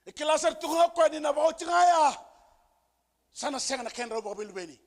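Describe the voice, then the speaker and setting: A male pastor preaching a sermon with emphasis, repeating key phrases and building to shouted peaks. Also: very high-pitched, expressive, fast. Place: church service.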